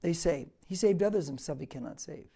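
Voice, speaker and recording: A male pastor preaches a verse-by-verse sermon, reading scripture aloud and repeating phrases for stress, with loud rises on key words. His fairly high, husky voice is expressive, carries vocal fry, and moves a little fast.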